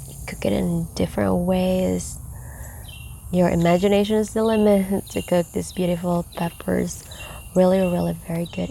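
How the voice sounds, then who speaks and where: A woman hosting a gardening vlog outdoors in her backyard garden, talking softly with many fillers and often dropping to a whisper. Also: lowish voice, vocal fry, a little hiss or hum. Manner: soft-spoken, slips into whispers, many fillers. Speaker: gardening vlogger. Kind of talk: casual harvest walkthrough. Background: crickets and insects.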